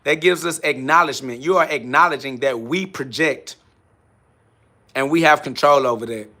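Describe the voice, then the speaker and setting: A man's voice: medium pitch, moderate pace, bright, forceful tone. A man hosting a live stream, answering chat in a brash, confrontational, profane way and mocking commenters. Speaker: livestream host.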